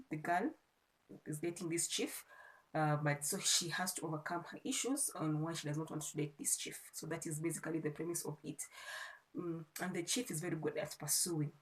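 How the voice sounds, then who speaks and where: A woman's voice: lowish voice, poor audio. A woman with a Kenyan accent, chatting casually and rambling a little as she reviews a movie for her vlog. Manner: chatty and rambling, with frequent restarts. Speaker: vlogger.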